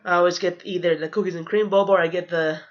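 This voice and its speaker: A woman's voice: on the low side, fairly even intonation, quick pace, muffled recording. A woman telling a storytime rant as a vlogger, rambling, profane and indignant, with lots of "you know" fillers.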